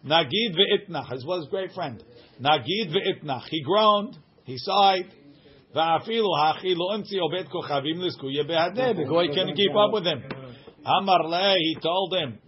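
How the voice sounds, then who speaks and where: Guy teaching a text study, reads a line then explains it, kinda high voice, dull muffled recording. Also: a little slow. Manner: reads aloud then translates line by line, with frequent "right?". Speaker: Talmud teacher. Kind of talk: casual study-group reading and translating.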